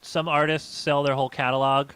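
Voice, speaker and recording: A man's voice: a little high, flat delivery, fairly quick, a bit bright, clear, resonant tone, dry recording. A man co-hosting a comedy live stream, telling a rambling story in casual chat with lots of fillers. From United States.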